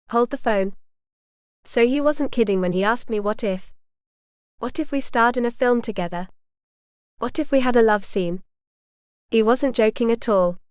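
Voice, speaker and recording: A woman narrating a first-person audiobook in a wry, expressive storytelling manner. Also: a little high, normal speed, pauses often, smooth, no echo, clean studio sound.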